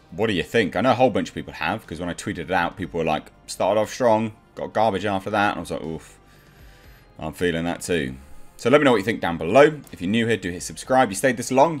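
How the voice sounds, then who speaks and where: Blunt, animated man ranting. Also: deep voice. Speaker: movie reviewer. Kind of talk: casual spoken review.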